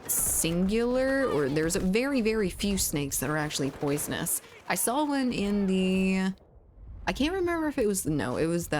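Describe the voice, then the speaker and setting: Southern US woman streamer, lowish voice with swooping, animated delivery, chatty and playful. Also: slight background noise. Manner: chatty and playful, with frequent laughs. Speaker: game streamer. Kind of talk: casual chat while gaming, reading chat aloud.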